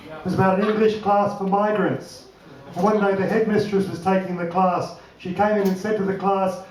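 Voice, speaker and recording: A man's voice: high-pitched, level tone, darkish tone, far from the mic. An older Australian man doing a wry, swearing stand-up comedy set on a club stage. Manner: wry, swearing, does quick voices for others. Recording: roomy club sound from afar, audience.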